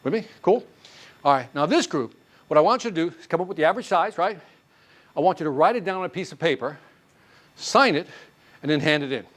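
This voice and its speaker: A man leading a live sales training class, quizzing the room with quick questions and answers. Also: on the high side. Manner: animated, quizzing the class with call-and-response questions.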